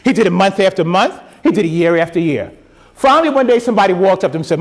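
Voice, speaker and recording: A man's voice: sits high, animated, very fast. A man giving a motivational speech to educators, emphatic and preacherly, with lots of repetition.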